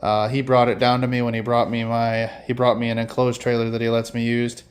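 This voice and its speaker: A man from Michigan giving a casual walkthrough of his lawn service equipment, talking haltingly with many fillers and self-corrections. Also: medium pitch, monotone, clean tone.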